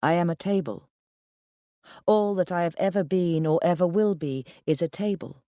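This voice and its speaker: A man voicing a talking table in a dream, declaring itself in a flat, matter-of-fact way. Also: sits high, normal speed, dry recording, studio quality. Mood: solemn.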